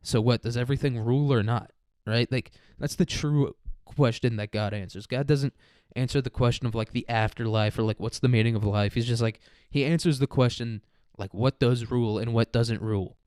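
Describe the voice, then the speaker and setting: Young man, comedy monologue, profane, rambling, smooth voice, dry sound. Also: mid-range voice, fairly quick, a little mellow, no echo. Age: young adult. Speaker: comedy podcaster.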